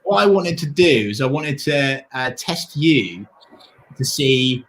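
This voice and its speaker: A man co-hosting a long charity livestream, talking in an excitable, gushing way and thanking donors warmly, worn out from the long hours. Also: mid-range voice, slow, background noise. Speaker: livestream co-host. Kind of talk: casual livestream chat.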